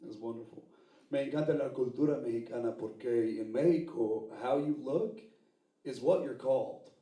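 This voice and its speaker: A man's voice: mid-range voice, moderate pace. Profane laughing stand-up comic man, roomy stage sound. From New York City. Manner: animated, profane, puts on voices and laughs at own jokes. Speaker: stand-up comedian. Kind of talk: stand-up comedy set. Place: live comedy venue with audience. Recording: roomy, distant live room sound with noise.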